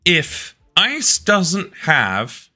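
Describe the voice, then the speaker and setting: A man's voice: a little high, wildly swooping pitch, very slow, pushed and bright. A man doing live-stream reaction commentary on politics, ranting angrily and with heavy profanity.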